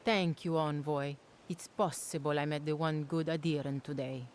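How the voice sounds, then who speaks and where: A woman's voice: low-pitched, steady tone, normal speed, a little mellow, a little hiss or hum, natural voice. An actress playing a wary, proud young woman with a thick put-on Italian-style accent in a video game. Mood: grateful. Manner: curt, then grudgingly thankful.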